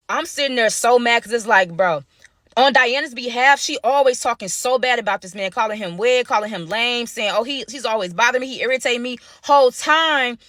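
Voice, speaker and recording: A woman telling a workplace story in a casual storytime vlog, animated and dramatic, talking straight to her viewers with lots of slang. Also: on the high side, no room sound, studio quality.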